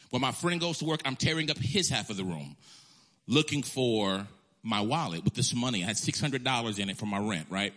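A man preaching a storytelling sermon as a pastor, animated and emphatic, often restarting his phrases. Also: medium pitch.

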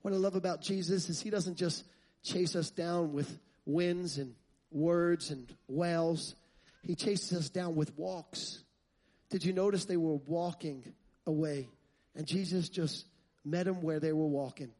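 A man preaching a sermon, asking the congregation rhetorical questions and building to loud, fervent passages. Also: on the high side, steady tone, a little slow.

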